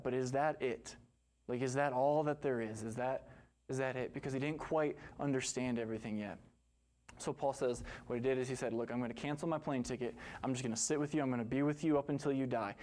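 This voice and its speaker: A man's voice: mid-range voice, darkish tone. A man preaching a sermon, telling a story earnestly and rising to impassioned emphasis before leading a prayer. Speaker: pastor.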